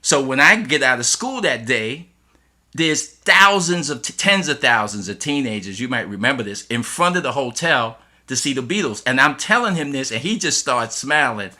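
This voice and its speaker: Bright-voiced man telling a lively story. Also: mid-range voice, moderate pace. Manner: lively storyteller who acts out the voices of people he quotes. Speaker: school teacher telling a story. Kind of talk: animated storytelling in an interview.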